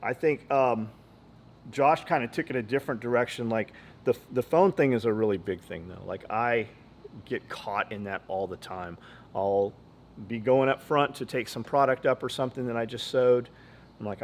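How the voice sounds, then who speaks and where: A man's voice: mid-range voice, normal speed. A man hosting a podcast in casual chat, blunt and profane, rambling from story to story. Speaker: podcast host.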